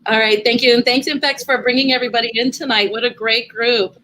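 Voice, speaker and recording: A woman talking as a guest on a live video call, a lively storyteller who laughs easily. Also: fairly high pitch, fast, a little hiss or hum, rough recording. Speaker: guest from a hospitality charity. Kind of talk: casual chat on a live stream.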